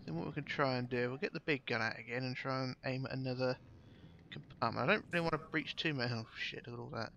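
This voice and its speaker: Male gameplay commentator, gravelly and bright, chatty, slightly muffled home recording with faint hiss. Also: mid-range voice, quick pace. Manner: chatty, swears casually, thinks aloud.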